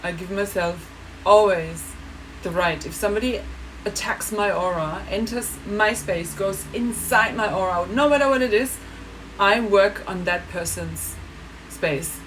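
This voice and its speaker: Woman vlogger, lively storyteller who laughs a lot, mid-range voice, light background hiss. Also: mid-range voice, measured pace, poor audio. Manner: animated, laughing, acts out other people. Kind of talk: casual monologue.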